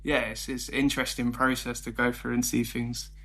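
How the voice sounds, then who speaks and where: Flat-toned young London man. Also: mid-range voice, a little fast. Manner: hesitant, searching for words, flat delivery. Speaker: band member. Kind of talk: casual interview chat.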